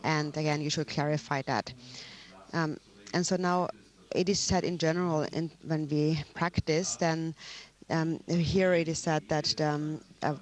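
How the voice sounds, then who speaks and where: A man explains a Buddhist teaching, his voice sitting a little high and staying fairly flat in tone. He talks humbly and hesitantly, breaking up his sentences with frequent ums.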